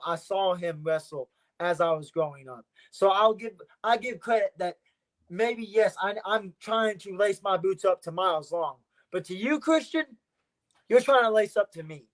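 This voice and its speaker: A man with a notably high speaking voice guests on a podcast as a wrestler. He talks trash with cocky confidence, hammering the same points again and again. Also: fairly bright tone. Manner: boastful trash talk, repeats his points. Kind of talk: casual podcast interview.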